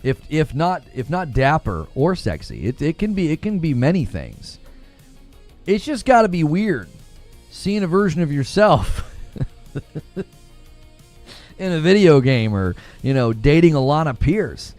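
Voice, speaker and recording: A man's voice: a little high, very animated, a little slow, long pauses, a little mellow, faint music behind. A man hosting a casual gaming livestream, joking around, laughing often and answering his chat. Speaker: livestream host.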